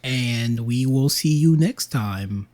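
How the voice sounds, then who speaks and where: A man hosts a casual podcast chat in a relaxed, slangy way and swears without thinking about it. He sounds sleepy, and his throat is sore. His voice sits at a middling pitch. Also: takes it slowly. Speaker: podcast host.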